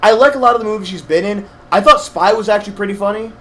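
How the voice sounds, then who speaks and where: A young man co-hosting a game playthrough, rambling through animated stories with lots of fillers. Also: high-pitched, rapid-fire. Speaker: let's play co-host. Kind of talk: casual gaming chat.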